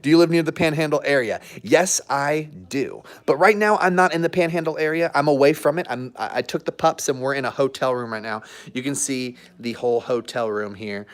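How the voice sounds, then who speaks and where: A man's voice: medium pitch, a little fast, few pauses. A man vlogging from a hotel room with his dogs, chatty and digressive, joking and giving training tips. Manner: chatty and digressive, jokes, laughs often. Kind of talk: casual vlog with dog training tips.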